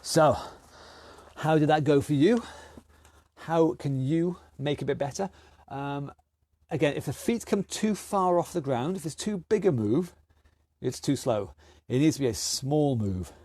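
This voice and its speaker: A man's voice: on the high side, expressive, measured pace, warm tone, no room sound, studio quality. A man leading an online exercise class, counting down rounds and calling out moves with encouragement. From United Kingdom. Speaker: fitness instructor. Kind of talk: online workout class coaching.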